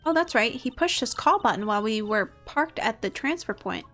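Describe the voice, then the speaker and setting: A woman's voice: on the high side, expressive, normal speed, fairly bright tone, faint music behind. A woman voicing a spaced-out, sleepy young female flight attendant while reading game dialogue aloud. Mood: drowsy. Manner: dreamy, spaced out.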